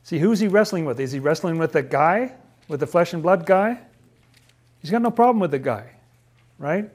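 A man's voice: fairly high pitch, lively intonation, moderate pace, a little mellow. A man leading a casual Bible study, chatty and laughing often, who acts out the figures' lines in playful voices.

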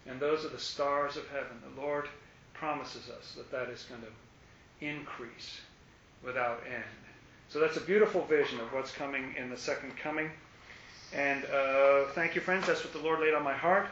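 A man preaching a sermon in an animated, emphatic way, sometimes acting out voices. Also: moderate pace. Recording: roomy, dull audio with faint rumble.

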